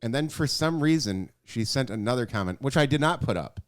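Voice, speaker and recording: A man's voice: medium pitch, lively intonation, a little fast, smooth. A man co-hosting a casual comedy podcast, easygoing and reading out listener comments. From Polish heritage. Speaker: podcast co-host running the board.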